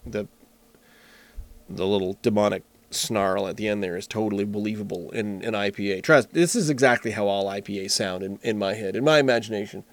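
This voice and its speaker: A man's voice: lowish voice, quick pace, hardly any pauses. A man casually reviewing beer alone, rambling and joking with frequent restarts. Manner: rambling, self-correcting, jokey. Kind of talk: casual solo talk.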